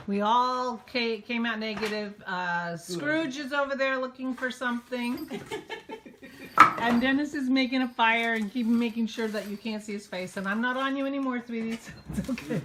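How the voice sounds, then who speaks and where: A woman's voice: fairly high pitch, normal speed. A woman narrating a casual home video, chatting about the scene around her. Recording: loud background noise.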